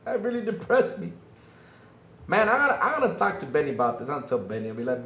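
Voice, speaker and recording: A man's voice: fairly high pitch, big pitch swings, fast, sharp tone, reverberant. A man hosting a casual livestream, joking with the chat and playing up mock hurt, laughing often. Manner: playful, self-mocking, laughs often, mock-whiny. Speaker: livestream podcast host. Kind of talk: casual live-chat banter.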